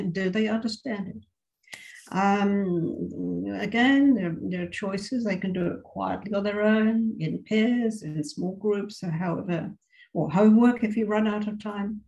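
A woman's voice: medium pitch, creaky, a little mellow, low-quality recording. A woman giving an informal teacher-training lecture, thinking aloud with frequent restarts. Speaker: guest lecturer.

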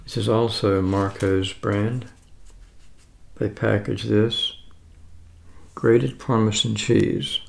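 Gravelly-voiced older man, chatty. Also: on the low side, little pitch movement, takes it slowly, pauses often. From United States. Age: 70s. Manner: rambling, chatty, self-correcting. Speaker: food vlogger. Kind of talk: casual food tasting vlog.

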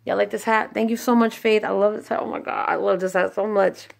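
Young woman vlogger, gravelly fry, excited, gushing thanks, casual unboxing. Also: medium pitch, fairly quick.

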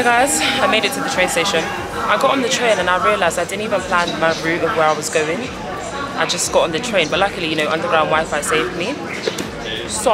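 A young woman, chatting excitedly to viewers in a casual vlog on her phone camera. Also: fairly low pitch. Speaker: vlogger. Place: on the way to a festival, train station and crowds. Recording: music and crowd noise behind.

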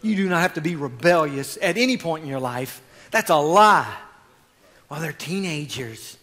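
Man, pastor, sermon, high voice, long hall reverb, quiet asides and loud exhortation. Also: lively intonation, normal speed.

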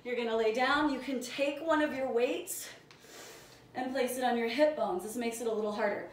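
A woman's voice: fairly high pitch, moderate pace. A young woman leading a live home workout class, counting down reps and greeting viewers by name, out of breath from exercising along. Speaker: fitness instructor. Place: home room, indoors. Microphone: phone on a live stream. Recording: echoey room, mic far off.

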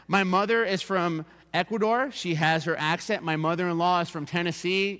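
Conversational preacher in a reverberant church. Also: male voice, high-pitched, fairly quick, few pauses. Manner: lively, conversational preaching with repeated calls for attention. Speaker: pastor. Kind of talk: sermon. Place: church sanctuary. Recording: long reverb of a church hall.

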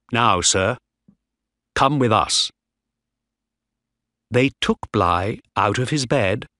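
Guy reading an audiobook story, slow and lively pitch, dry close sound. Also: dry recording. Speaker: narrator. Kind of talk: audiobook reading of a graded reader.

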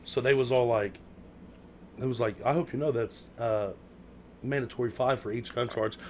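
An American man telling a story in casual chat, full of slang, who acts out quotes with sudden loud outbursts. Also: mid-range voice, fairly even intonation, moderate pace, slight background noise. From United States. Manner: heavy slang, lots of "bro" and "like".

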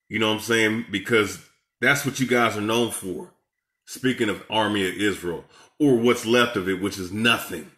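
A man's voice: on the low side, a bit bright. A man giving heated, profane reaction commentary as an online preacher, confronting and scolding his rivals. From Seattle, USA.

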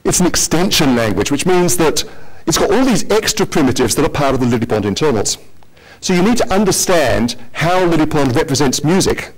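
A man's voice: fairly high pitch, breathy edge. A man presenting a technical conference talk in a lecture hall, with joking asides to the audience.

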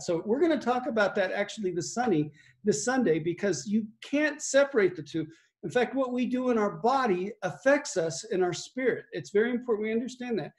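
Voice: mid-range voice, animated, a little fast. A pastor giving conversational Bible teaching and reading scripture aloud, with fillers and chuckles.

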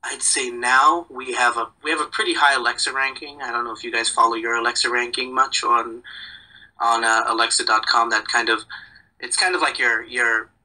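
A man's voice: mid-range voice, fairly even intonation, normal speed, bright, forceful tone, rough recording. A young man chatting as a podcast guest, rambling and joking in a self-deprecating way. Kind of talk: casual chat.

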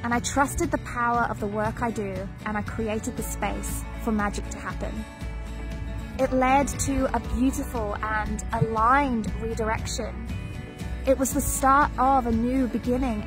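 A woman's voice: on the high side, steady tone, measured pace. A woman business coach giving an earnest, emphatic motivational voice-over. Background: music.

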